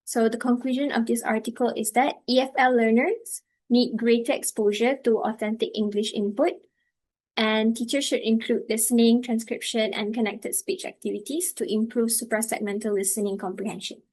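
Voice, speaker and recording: A woman student presenting her part of a class project, halting and using fillers as she explains. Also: a little high, steady tone, darkish tone, rough recording. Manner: halting, with fillers and slow stretches.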